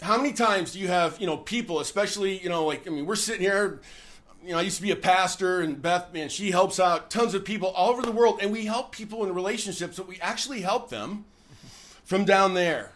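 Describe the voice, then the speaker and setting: A man hosting a relaxed chat with his wife, a former pastor who tells stories in a folksy, animated way with plenty of fillers. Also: sits high, brisk. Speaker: host. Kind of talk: casual chat with joke telling.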